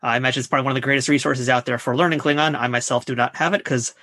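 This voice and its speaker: A man hosting a podcast and asking a guest casual, quick questions. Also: medium pitch, steady tone, pushed and bright, no echo, studio quality. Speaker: podcast host. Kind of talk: interview questions.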